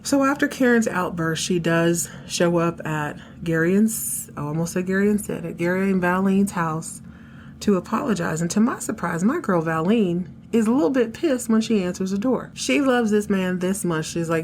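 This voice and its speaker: A woman's voice: lowish voice, expressive, normal speed, darkish tone, a little hiss or hum. Candid, slangy woman podcast host. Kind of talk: casual episode recap.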